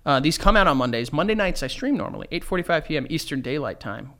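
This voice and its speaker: A young man co-hosts a casual podcast, trading jokes and playing up mock outrage. His pitch swings widely and his delivery stays animated. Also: fast talker. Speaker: podcast co-host and streamer. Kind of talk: casual chat.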